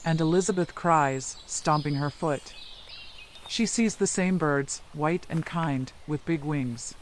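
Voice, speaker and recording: A man narrating a children's story in an even, unhurried storytelling manner. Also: fairly high pitch, slight background noise.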